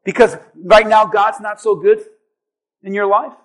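A man preaching a sermon as pastor, swinging between shouted lines and soft, hushed assurances. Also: high voice, flat delivery, unhurried.

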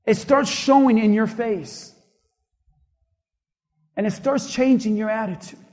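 High-voiced pastor preaching slowly. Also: male voice. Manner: impassioned preaching, swings from loud emphasis to hushed. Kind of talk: sermon. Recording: long reverb of a large hall.

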